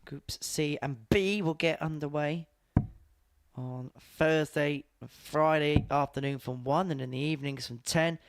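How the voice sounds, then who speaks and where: A man's voice: a little high, a little slow, no room sound. A man doing live darts commentary, chatty and informative, mixing play-by-play with anecdotes.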